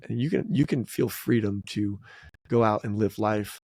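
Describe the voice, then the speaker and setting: A man co-hosting a casual family podcast, talking animatedly and jumping up in pitch when he acts out other people's lines. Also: normal speed, no room sound, clean studio sound. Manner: animated, acts out quotes with big pitch jumps. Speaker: podcast co-host.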